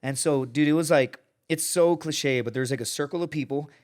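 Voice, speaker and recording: A man in his thirties, guesting on a podcast, tells stories in a loose, foul-mouthed way. His voice sits on the high side and moves briskly, and he spins lively anecdotes while acting out the people he quotes.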